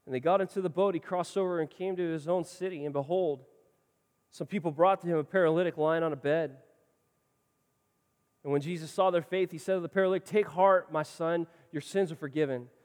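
High-voiced man preaching in a reverberant hall. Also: fairly even intonation, fairly quick. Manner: impassioned preaching, swinging from loud to soft. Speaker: pastor. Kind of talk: sermon.

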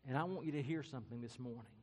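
Male pastor, earnest and dramatic, mid-pitched voice, long echoing reverb. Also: rapid-fire. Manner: earnest, dramatic, varies loudness and pace. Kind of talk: sermon with storytelling.

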